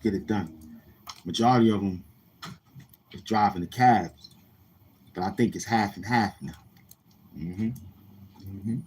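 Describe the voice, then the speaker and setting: A man telling casual stories in a slangy, rambling way, often repeating himself and acting out other people in a higher voice. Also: slow pace, long pauses, darkish tone, breathy edge. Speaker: YouTuber. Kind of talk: casual street-talk storytelling.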